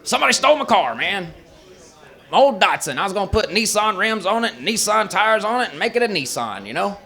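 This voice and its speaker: A man voicing a dim, slow-witted grown man who talks in a whiny, strained voice. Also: high-pitched, very animated, bright, forceful tone, voice pushed up, heavily acted.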